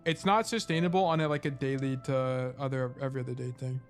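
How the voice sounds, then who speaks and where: A man streaming himself playing a game, thinking out loud in casual, rambling talk full of "like" and "you know". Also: mid-range voice, fairly even intonation, fast talker, faint music behind. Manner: rambling, thinking aloud, lots of "like".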